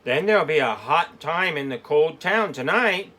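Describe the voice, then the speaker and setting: A man reading a storybook aloud, putting on the voice of an eager, excitable young girl. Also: on the high side, normal speed, pitched above the performer's own voice. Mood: playful. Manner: eager, giggly.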